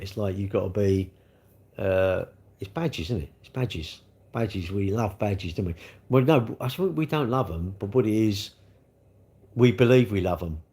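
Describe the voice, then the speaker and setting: A man's voice: on the low side, a little mellow, breathy edge. Rambling man chatting. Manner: rambling, chatty, reads out viewer comments. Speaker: livestream host. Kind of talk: casual livestream chat.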